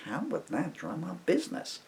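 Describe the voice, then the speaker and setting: A man voicing a calm male doctor who prompts with questions. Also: fairly high pitch, moderate pace, pitched above the performer's own voice. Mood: curious.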